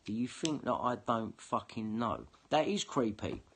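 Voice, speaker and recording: A man's voice: mid-range voice, sing-song, measured pace, a little hiss or hum. A man ranting angrily and swearing in a monologue to camera. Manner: heated, sweary, confrontational. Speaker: vlogger.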